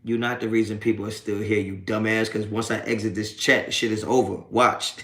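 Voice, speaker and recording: A man's voice: on the low side, level tone, normal speed, fairly bright tone, roomy sound. A man hosting a live post-game sports reaction stream, reading chat and trash-talking trolls with streetwise slang and constant swearing. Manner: profane, streetwise trash talk; taunting, laughing off trolls. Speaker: sports talk livestream host.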